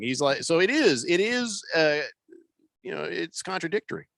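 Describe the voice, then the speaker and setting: A man hosting a casual sports talk radio show, talking in a halting way with lots of fillers and restarts. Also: fairly high pitch, very animated, gravelly, fairly bright tone, no echo.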